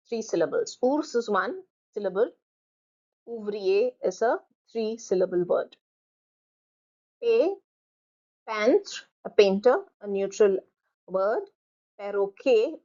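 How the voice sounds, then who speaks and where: A woman's voice: medium pitch, animated, unhurried, long pauses, dark tone. A woman teaching French from slides, repeating each word several times so learners can copy her pronunciation. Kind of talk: recorded slide lecture. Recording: dull lo-fi recording.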